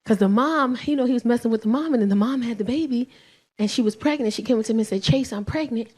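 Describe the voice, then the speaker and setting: A middle-aged woman performing stand-up, telling family stories in an animated, profane way. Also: on the high side, quick pace, husky. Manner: animated, profane, acts out voices of her son and boyfriend. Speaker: stand-up comedian. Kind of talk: stand-up storytelling. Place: comedy club stage.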